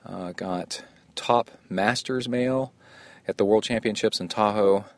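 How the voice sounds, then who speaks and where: A middle-aged man hosting a casual podcast from home, rambling and excitable, laughing often. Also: fairly low pitch, a little slow, no room sound. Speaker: podcast host. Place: home room.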